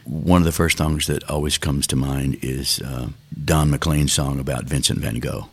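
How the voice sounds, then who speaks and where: Very deep gravelly man, thoughtful. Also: fairly even intonation. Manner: thoughtful, unhurried, musing. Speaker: songwriter guest. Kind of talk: reflective interview talk.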